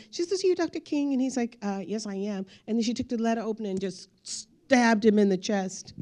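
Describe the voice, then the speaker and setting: Woman telling family stories at a talk. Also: on the high side. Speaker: speaker. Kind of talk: storytelling speech with slides.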